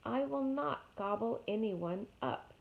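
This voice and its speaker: A woman voicing a calm, polite female robot who speaks slowly and plainly, read from a storybook. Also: on the high side, creaky, pitched above the performer's own voice, full character voice. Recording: tinny phone-like audio.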